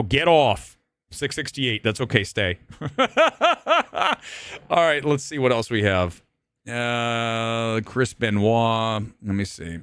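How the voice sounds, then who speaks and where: A man's voice: medium pitch, fairly bright tone, dry recording. A man hosting a live-stream movie talk show, rambling, joking and cursing as he goes. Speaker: host.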